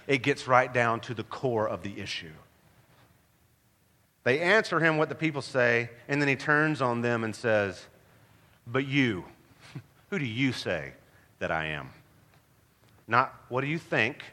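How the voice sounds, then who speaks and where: Male pastor, bright forceful tone, long reverb from a large hall. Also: mid-range voice. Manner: emphatic, animated preaching with rhetorical questions. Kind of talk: sermon.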